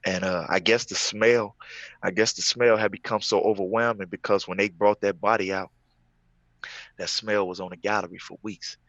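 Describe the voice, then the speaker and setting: A man's voice: on the low side, fairly even intonation, normal speed, a bit bright, no room sound, highs cut off. A man, a former prisoner, tells his story in a casual interview, repeating phrases for emphasis.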